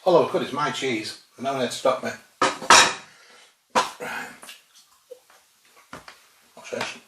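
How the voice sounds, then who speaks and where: A man talks through a cheese tasting at home in a relaxed, chatty way, with dry, musing humour. His voice sits at an ordinary pitch for a man and sounds a little far from the mic. The room gives it a noticeable echo, and there is a faint hiss underneath. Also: takes it slowly. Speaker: food vlogger tasting cheeses. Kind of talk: casual tasting commentary. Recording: roomy sound, distant from mic, faint noise.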